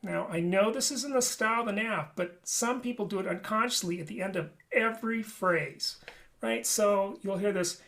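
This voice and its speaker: A man's voice: high voice, moderate pace, vocal fry, fairly bright tone. A man teaching a flute lesson in a webinar, talking conversationally and often checking in with "right?". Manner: demonstrates and explains playing habits.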